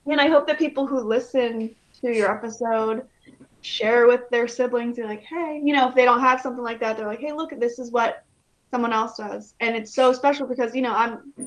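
High-voiced woman host on muffled audio. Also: steady tone, brisk. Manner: warm, encouraging, gushing. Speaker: podcast host. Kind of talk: interview.

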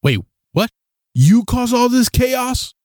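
A man's voice: very high voice, sing-song, takes it slowly, a little mellow, no echo, studio quality. A man hosting a comedy podcast who talks in a casual, exasperated way. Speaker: podcast host.

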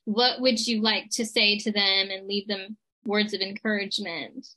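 Bright-voiced woman interviewer. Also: mid-range voice, steady tone, moderate pace, rough recording. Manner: supportive, brief affirmations. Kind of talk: ministry interview.

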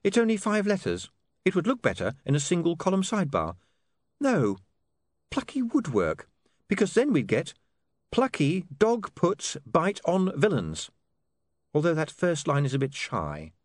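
A practical young woman journalist talks in a brisk, matter-of-fact way, as a man reads her in an audiobook. Her voice is raised and lively in pitch, recorded dry and close. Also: no echo, heavily acted.

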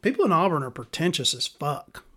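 A woman's voice: sits low, sing-song, fairly quick, pushed and bright. A woman from Alabama, telling stories in a blunt, exasperated way and swearing freely. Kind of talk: casual storytelling rant.

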